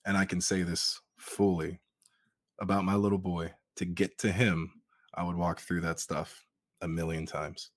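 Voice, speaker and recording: Deep voiced guy talking from the heart in an interview, swears a bit, dry mic. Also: little pitch movement, a little slow, dry recording. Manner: heartfelt, earnest, swearing now and then. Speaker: guest, author. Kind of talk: emotional interview talk.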